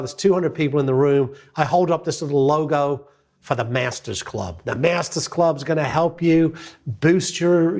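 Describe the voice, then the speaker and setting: A middle-aged man telling a business success story as a lively, anecdotal monologue, acting out the quotes. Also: a little high.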